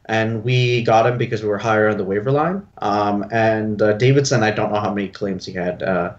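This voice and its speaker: A man's voice: lowish voice, brisk, muffled recording. A man co-hosting a casual hockey podcast, rambling with many fillers and asking questions. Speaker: podcast co-host.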